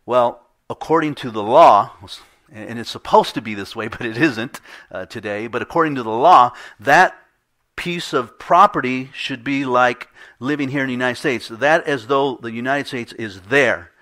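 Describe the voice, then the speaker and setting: Middle-aged male pastor, conversational sermon, mid-pitched voice, acts out quoted voices. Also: normal speed, a bit bright.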